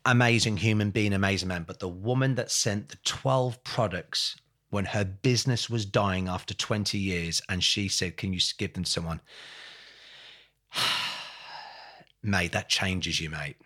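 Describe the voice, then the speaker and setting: A man's voice: lowish voice, a little slow, bright, forceful tone. A man being interviewed, telling a story with passion, building to angry emphasis, swearing bluntly, repeating phrases and calling the host mate. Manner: speaks in lists and repeated phrases, says mate often. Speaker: podcast guest.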